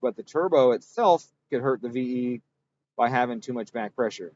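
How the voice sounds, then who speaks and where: A man's voice: mid-range voice, moderate pace, a little mellow. Guy rambling thru a dyno tune on stream, kinda muffled audio, light noise. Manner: thinks aloud, rambling, self-correcting. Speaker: engine tuner streaming a dyno session. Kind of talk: casual technical livestream talk.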